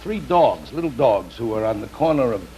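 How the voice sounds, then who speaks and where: A man's voice: medium pitch, sing-song, normal speed. A man telling jokes on a 1960s comedy panel show, doing voices in his stories. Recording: faint background noise, 1960s TV.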